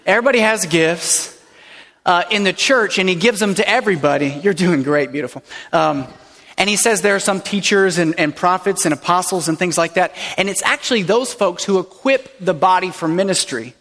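Male pastor, high voice, casual playful sermon delivery, long hall reverb. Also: animated, a little fast, fairly bright tone. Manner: playful, conversational preaching with asides to a baby. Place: church sanctuary.

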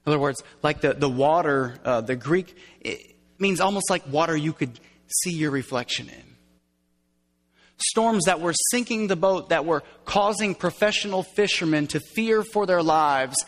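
A male pastor with a high voice preaches a sermon in an animated way. He acts out quoted lines and sometimes drops to a hushed tone. His voice rings with the long reverb of a big church hall.

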